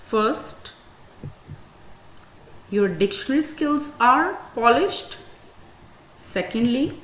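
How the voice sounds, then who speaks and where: A woman with a Pakistani English accent, teaching an English class, speaking very slowly and deliberately and stressing each example word. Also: fairly high pitch, animated, a bit bright. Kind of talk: classroom lecture. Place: school classroom. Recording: echoey room, faint ambient noise.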